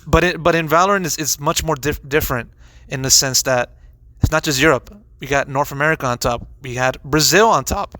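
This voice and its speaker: Smooth-voiced man interviewer, even tone. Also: mid-range voice. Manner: enthusiastic, rattling off examples. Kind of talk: casual interview questions.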